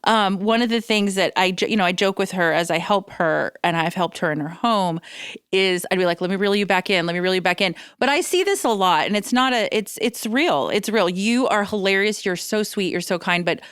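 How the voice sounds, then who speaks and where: A woman hosting a casual chat podcast, telling long, animated stories and acting out every quote along the way. She swears freely, and her voice sits in a middle pitch. The sound is dry and close, with almost no room. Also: a little fast, clean tone, dry recording. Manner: animated storyteller, acts out quotes. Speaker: podcast host.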